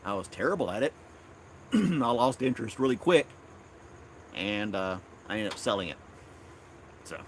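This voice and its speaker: A man's voice: fairly low pitch, big pitch swings, normal speed, pauses often, slight background noise. A man from Tennessee, hosting a casual live stream outdoors in his backyard, rambling and chuckling often.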